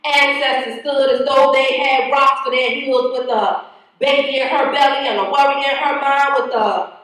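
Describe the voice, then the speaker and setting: Nasal woman doing spoken word, high voice, echoey hall, far from mic. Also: fairly even intonation, moderate pace, a bit bright. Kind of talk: spoken word poetry performance.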